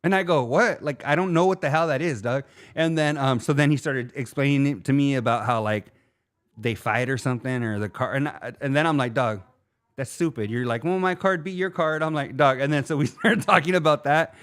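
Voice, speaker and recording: A man's voice: medium pitch, fairly quick. A man co-hosting a podcast, telling a story in a casual, slangy way and calling people "dog" again and again. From Arizona. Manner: animated, slangy, says "dog" constantly. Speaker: podcast co-host.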